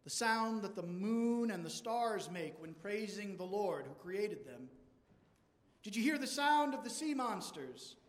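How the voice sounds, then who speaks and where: In a large church with a long reverb, a man preaches a sermon in a high, fairly bright voice. He poses rhetorical questions over and over.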